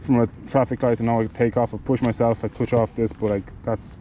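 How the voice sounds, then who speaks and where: A man giving a casual product demonstration of cycling gear, talking in a halting way with many fillers and restarts. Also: medium pitch, little pitch movement, warm tone, a little hiss or hum, low-quality recording.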